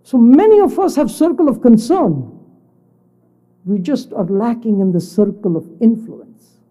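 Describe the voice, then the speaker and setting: High, mellow-voiced man preaching a sermon. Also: animated, measured pace, poor audio. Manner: storytelling then rhetorical questions to the congregation. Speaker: khutba speaker. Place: mosque.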